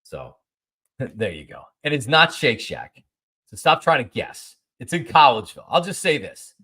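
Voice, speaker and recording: A man in his forties hosts a podcast and tells a story at normal speed, his mid-range voice carrying a breathy edge. It's a casual, animated monologue where he repeats himself acting out both parties in a conversation.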